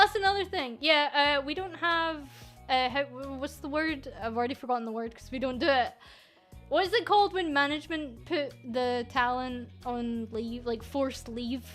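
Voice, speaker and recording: High-voiced Scottish woman on a casual livestream. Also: normal speed, fairly bright tone, faint music behind. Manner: frank, joking, full of fillers and restarts. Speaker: VTuber and agency manager.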